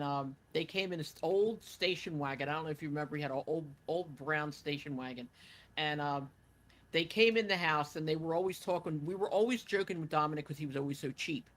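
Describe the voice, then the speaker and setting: A woman's voice: deep voice, a bit bright. A woman guest telling casual stories with many fillers in a chatty, rambling way. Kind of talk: casual storytelling interview.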